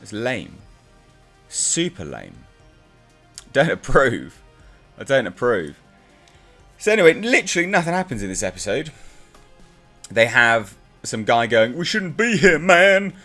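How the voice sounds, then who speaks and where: A man's voice: mid-range voice, huge pitch swings, a little slow, long pauses, pushed and bright, soft background music. A man reviewing a comic book in a casual, exasperated and sarcastic rant.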